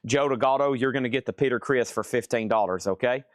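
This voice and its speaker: A man's voice: mid-range voice, fast talker, dry recording, studio quality. A man selling vinyl records in a live-streamed auction from a record store, chatting and joking between calling out prices. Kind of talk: live auction sales patter.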